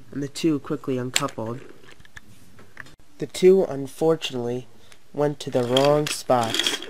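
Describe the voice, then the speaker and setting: A man's voice: medium pitch, measured pace, background noise. A young man narrating a homemade toy train story, voicing every engine himself with light voice changes. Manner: reads every character in lightly shifted voices.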